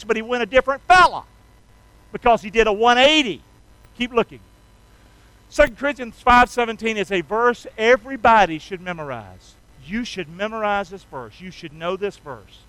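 A man's voice: very high-pitched, a bit bright, no room sound, low-quality recording. A man preaching a sermon in a folksy, emphatic way, drawing the congregation into call-and-response. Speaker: pastor.

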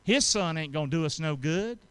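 A man preaching a sermon, calling out to the congregation for responses and swinging between loud emphasis and quiet asides. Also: on the high side, lively intonation, brisk, clear, resonant tone. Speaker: pastor.

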